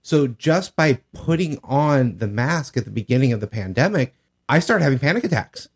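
A man's voice: medium pitch, sing-song, moderate pace, breathy edge. A man co-hosting a podcast, sharing his own experience in a reflective, open way. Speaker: podcast co-host. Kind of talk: casual chat.

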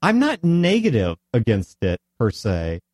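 A man's voice: medium pitch, wildly swooping pitch, a little slow, a little mellow, no room sound, clean studio sound. A man hosting a casual podcast chat, rambling at length and often stopping to correct himself. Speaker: podcast host.

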